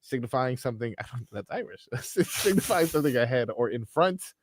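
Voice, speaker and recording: A man's voice: mid-range voice, a little fast. A man co-hosting a sports radio show, teasing and playful in loose studio banter. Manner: playful, animated, laughing, teasing.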